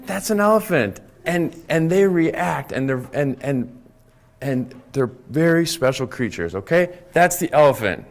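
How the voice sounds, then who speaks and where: A man giving a lively talk to a live conference audience, often checking in with "right?" and "okay?". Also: a little high, a little slow. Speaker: conference speaker.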